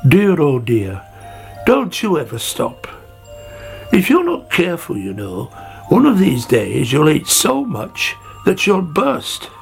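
A man's voice: on the high side, wildly swooping pitch, slow, gravelly, faint music behind, pitched above the performer's own voice, exaggerated voice. A man voicing a fussy, disapproving old snail in a storybook reading, sighing and scolding.

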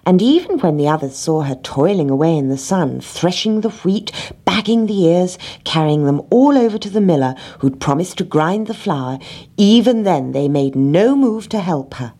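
A woman narrating a children's storybook in a gentle, expressive reading. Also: lowish voice, moderate pace.

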